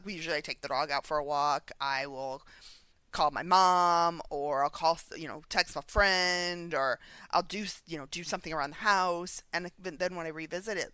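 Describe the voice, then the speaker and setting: A woman's voice: on the low side, pushed and bright, smooth, dry recording. A woman co-hosting a recovery podcast in casual chat, thinking aloud through personal anecdotes. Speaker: podcast co-host.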